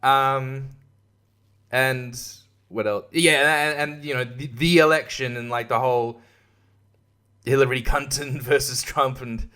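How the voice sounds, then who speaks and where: A man's voice: mid-range voice, fairly even intonation, takes it slowly, sharp tone, smooth. Sweary Australian man ranting, laughing. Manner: profane, sarcastic, laughs often. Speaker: podcast host and comedian. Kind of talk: casual ranting monologue.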